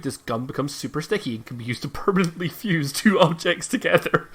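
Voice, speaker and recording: A game master narrating a tabletop game in a relaxed, rambling way, with many fillers while reading item lists. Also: mid-range voice.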